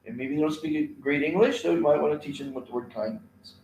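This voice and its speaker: A man's voice: a little high, brisk, darkish tone, roomy sound, a little hiss or hum, poor audio. A man teaching a kindness class alone on a live stream, rambling with many fillers and repeated words.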